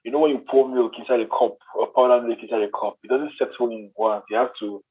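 Man, podcast co-host, playful mock-pompous banter, husky voice, tinny phone-line sound. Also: mid-range voice, fairly even intonation, fast talker. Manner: playful, mock-grand, joking. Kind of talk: casual podcast chat.

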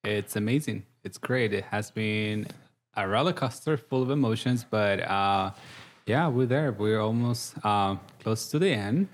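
A man's voice: on the low side, unhurried. Chatty thirty-year-old man, English. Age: 30s. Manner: chatty and warm, with many "like" fillers. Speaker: guest. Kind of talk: casual interview.

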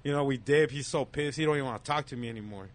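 A man telling a story in casual chat, animated and profane, acting out the other voices. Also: mid-range voice, racing.

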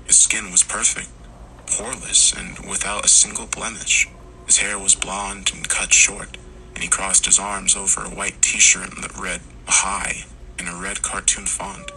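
Low bright-voiced man narrating horror. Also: little pitch movement, vocal fry, slight background noise, poor audio. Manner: slow, hushed storytelling, dropping to whispers.

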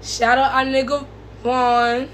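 A woman's voice: high-pitched, little pitch movement, takes it slowly, fairly bright tone, slight background noise. A woman co-hosting a casual wrestling podcast, ranting bluntly with lots of slang and swearing. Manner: profane, heated ranting. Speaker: podcast co-host. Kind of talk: casual chat.

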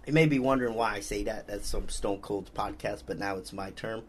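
This podcast host chats casually, easygoing and meandering, pausing to read viewer comments aloud. His voice is lowish and flat, moving a little fast over slight background noise.

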